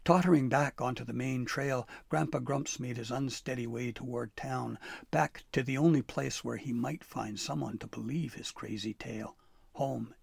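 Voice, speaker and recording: A man narrating a storybook with an expressive, dramatic read-aloud manner. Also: mid-range voice, vocal fry, slightly rough, no room sound, clean studio sound.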